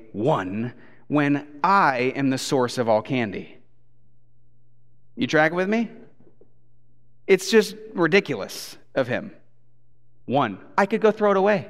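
A man in his thirties preaches a sermon in a church auditorium, his fairly high voice carrying a long, ringing reverb. He tells stories with animated delivery and breaks into his toddler's replies. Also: clean tone. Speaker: pastor.

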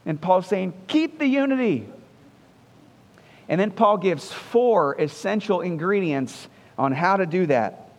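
A male pastor with a high-pitched voice gives an earnest, conversational sermon. He leans on repeated phrases to drive each point home. His voice rings with the long reverb of a church hall. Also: animated, a little slow.

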